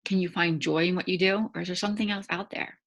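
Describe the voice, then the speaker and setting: A woman's voice: on the low side, steady tone, quick pace, a bit bright, low-quality recording. A woman hosting a faith-based challenge, giving a devotional teaching talk in a conversational way and often checking in with tag questions.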